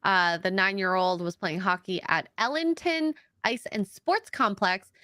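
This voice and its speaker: Female co-host, mid-pitched, relaxed reader of news items, dry sound. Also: unhurried, no echo. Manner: reads articles aloud, easygoing. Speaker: stream co-host. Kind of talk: casual chat.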